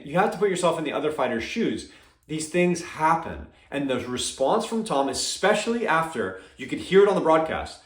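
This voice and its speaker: A man talks through his fight opinions in an emphatic, casual way, tossing in "all right?" and "okay?" again and again. His voice sits somewhat high for a man. The sound has a noticeable echo, as if recorded in a bare room. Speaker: MMA commentator.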